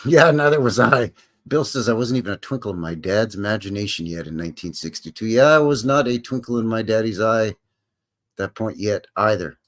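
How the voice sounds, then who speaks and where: A man's voice: lowish voice, expressive, brisk, fairly bright tone. A man in his fifties hosting a casual live stream from home, chatting to viewers in a folksy, rambling way. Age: 50s.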